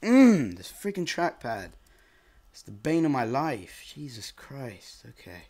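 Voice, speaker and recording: Young man, gaming commentary, excitable, lively swinging pitch, frustrated yelps. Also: measured pace. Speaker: gaming channel host. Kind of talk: casual gameplay commentary.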